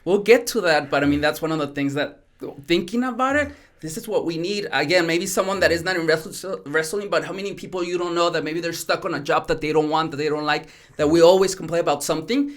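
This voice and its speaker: A man with a fairly high voice hosts a podcast interview. He talks casually and with enthusiasm, admiring his guest as he asks his questions. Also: fast. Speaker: podcast host.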